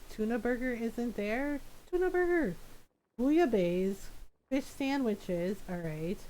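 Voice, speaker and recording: A woman's voice: medium pitch, a little mellow, poor audio. A young woman streaming a game, chatting casually, rambling as she thinks aloud and laughing often. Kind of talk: casual gameplay chat.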